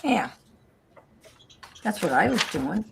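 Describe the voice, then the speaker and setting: A woman's voice: mid-range voice, big pitch swings, slow pace, gravelly, background noise. A woman chatting casually on a craft livestream, wry and joking. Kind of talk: casual chat.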